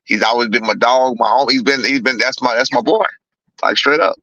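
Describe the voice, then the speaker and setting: Blunt, cursing middle-aged boxing trainer. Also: male voice, mid-range voice, steady tone, a little fast, bright, forceful tone, dry recording, dull audio. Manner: blunt, repetitive, swears freely. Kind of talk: casual interview talk.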